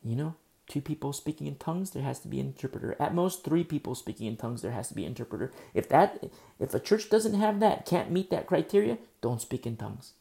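Gravelly, dark-voiced male preacher. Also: fairly high pitch, animated, quick pace. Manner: preachy, rising to emphatic rhetorical questions. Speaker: pastor. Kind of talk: sermon.

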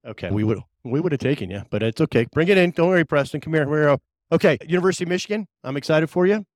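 Man, joking sideline interviewer, rapid delivery, dry mic. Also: on the high side, animated, no room sound. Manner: joking, chummy. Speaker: interviewer of a drafted player. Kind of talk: casual interview.

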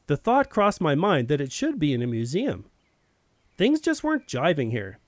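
A man's voice: fairly high pitch, wildly swooping pitch, normal speed, dry recording, studio quality. A man telling a first-person story in a plain, wry narrating voice.

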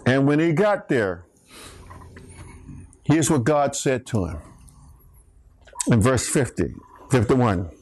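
A man preaching a sermon, emphatic and bantering with his congregation, rising to shouts on key words. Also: mid-range voice, sing-song, slow pace, pauses often.

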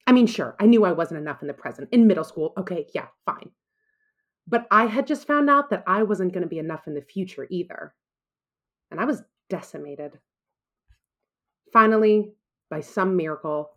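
A woman in her thirties telling an earnest, self-deprecating personal story, then answering questions about it. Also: mid-range voice.

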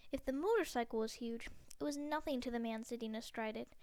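A woman reading a novel aloud in a gentle, steady way, close to the mic, with small restarts. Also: fairly high pitch, brisk, no echo. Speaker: narrator.

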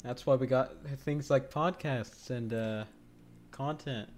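A man's voice: mid-range voice, slow. Giggly man hosting a casual podcast. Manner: jokey, laughs often, stammering restarts. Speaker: podcast host.

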